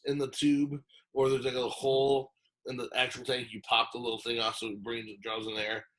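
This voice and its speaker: This man speaks at medium pitch and a little fast, spinning out a long podcast anecdote in a loose, rambling style. Quoted lines get acted out in his lively retelling, and fillers and false starts pop up throughout.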